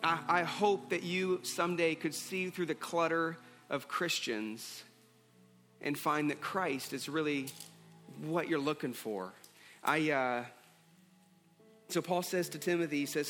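Guy preaching a sermon, high bright voice, repeats stuff for emphasis, big echoey hall w faint music. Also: measured pace. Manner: earnest, repeats phrases for emphasis. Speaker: pastor.

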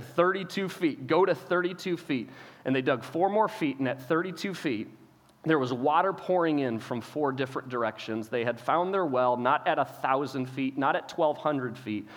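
A man's voice: mid-range voice, big-room sound. A pastor telling a sermon story, acting out dialogue and repeating words as he starts his phrases.

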